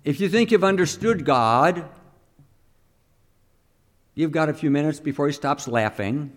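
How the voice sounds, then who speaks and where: A man with a somewhat high voice giving a teaching homily. He speaks conversationally, often putting questions to his listeners. He acts out the quoted speech as he goes. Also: animated, measured pace.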